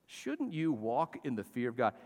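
Animated middle-aged male pastor, reverberant. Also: medium pitch, normal speed. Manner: animated, exhorting preaching with call-and-response. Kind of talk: sermon. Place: church. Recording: long reverb of a church hall.

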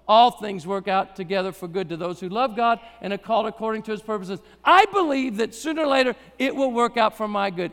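A man's voice: high voice, a bit bright. A middle-aged man, a pastor, preaching a sermon in a conversational, joking way that builds to emphatic passages. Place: church service hall. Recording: live sermon with long hall reverb.

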